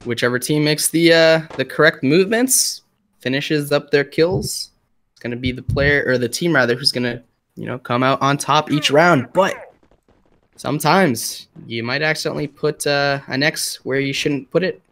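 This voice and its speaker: A man casting a mobile shooter match live, with excitable play-by-play full of fillers. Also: a little high, normal speed. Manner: excitable caster with frequent fillers. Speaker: esports commentator.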